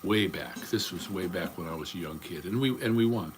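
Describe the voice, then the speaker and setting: A man's voice: deep voice, brisk, a little hiss or hum. An older man chatting casually on a livestream, rambling from topic to topic in a blunt, profane way. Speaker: livestream host.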